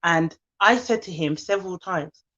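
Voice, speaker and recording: A woman's voice: on the low side, normal speed, fairly bright tone, muffled recording. A woman hosting a live stream, talking candidly and from the heart to her viewers and reading out their comments. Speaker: livestream host. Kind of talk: casual live chat to viewers.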